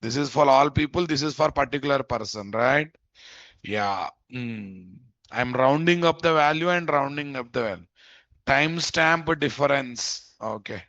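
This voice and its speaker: A man's voice: mid-range voice, expressive, a little slow, bright, forceful tone, no room sound. A man teaching a live coding lesson. He thinks aloud, repeats phrases, and keeps checking in with "guys?". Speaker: programming instructor. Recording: dull, dry lo-fi mic audio.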